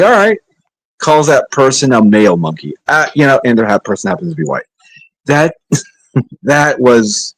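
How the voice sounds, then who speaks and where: Middle-aged male streamer, husky and rough-edged, loose rambling chat with lots of pitch movement. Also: no room sound, poor audio. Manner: laid-back, rambling, sighing, joking asides. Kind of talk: rambling casual livestream chat.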